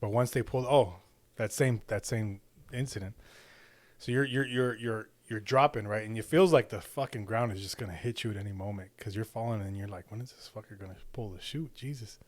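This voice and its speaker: This father and podcast co-host has a lowish voice and talks a little fast on a dry recording. Young adult to middle-aged, he rambles through a casual story, curses freely, and repeatedly checks in with "right?"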